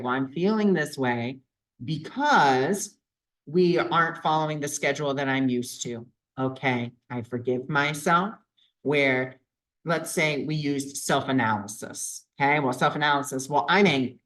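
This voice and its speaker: A man vlogging a reflective self-help talk, earnest and repetitive as he works through his feelings out loud. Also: on the high side, low-quality recording.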